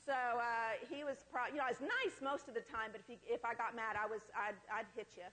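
A woman's voice: fairly high pitch, brisk, sharp tone, a little hiss or hum. A middle-aged woman giving a candid, conversational personal testimony to a church group, with self-deprecating humor. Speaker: speaker at a women's church gathering. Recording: long hall reverb.

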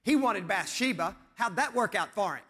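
A high-pitched man preaches with a bright, ringing tone. He leans on repeated phrases and asks his listeners questions as he goes. His voice carries a long reverb through a large church hall. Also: animated, normal speed, husky. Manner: emphatic, repeating phrases for effect. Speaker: pastor. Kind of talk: sermon.

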